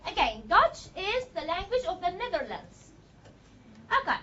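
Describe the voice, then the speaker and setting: A woman teaching a class in a very high, lively voice that rises and falls a great deal. She explains patiently and step by step, checking in with short questions. The recording is dull and lo-fi. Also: unhurried. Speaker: language teacher. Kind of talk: classroom lecture.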